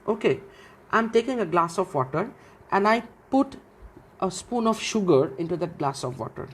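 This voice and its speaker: A woman's voice: medium pitch, lively intonation, normal speed, slightly rough. A woman giving a literature lecture, who asks questions and answers them herself and often repeats phrases. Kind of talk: classroom lecture.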